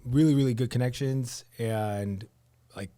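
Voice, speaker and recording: A man's voice: medium pitch, measured pace, no room sound. A young man with a New Jersey accent, a podcast guest telling his story casually, acting out quotes and using lots of fillers. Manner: animated storyteller, acts out quotes, many fillers. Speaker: real estate agent, podcast guest.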